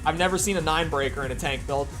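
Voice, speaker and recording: A man with a Minnesotan accent and a slightly high voice chats loosely while streaming a game. He rambles and fills gaps with "like" and "um" as he goes. Soft music plays behind him. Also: fast talker. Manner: rambling, filler-heavy, with frequent "like". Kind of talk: casual chat while playing.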